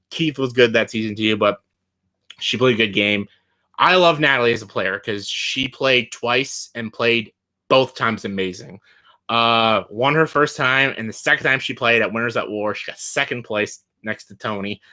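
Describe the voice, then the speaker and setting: A man's voice: mid-range voice, sharp tone. A man talking casually on his vlog as he ranks favorites, enthusiastic and blunt, swearing freely and filling gaps with "like" and "uh.". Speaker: YouTuber ranking show winners.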